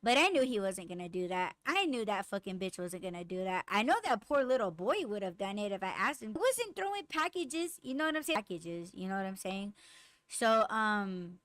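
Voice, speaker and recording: A woman's voice: mid-range voice, fairly quick, no echo. A young adult woman hosting a podcast, telling a heated work story in casual chat, full of swearing, fillers and quoted dialogue. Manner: profane, animated, lots of fillers and quoted dialogue. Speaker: podcast host.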